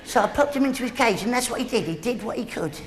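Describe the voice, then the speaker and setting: High-voiced stand-up comic. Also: male voice, lively intonation, fast. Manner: rambling, teasing the audience. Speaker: comedian. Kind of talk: live stand-up comedy. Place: theatre stage. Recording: live theatre, loud crowd laughter.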